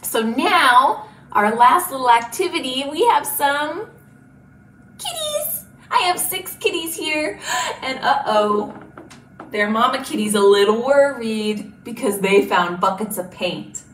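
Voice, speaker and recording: A woman children's librarian leads a storytime activity with exaggerated gasps and slow, careful speech for small children. Her high voice leaps around its range. The recording is roomy and distant. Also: big pitch swings, a bit bright. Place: library room. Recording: roomy and distant, faint hiss.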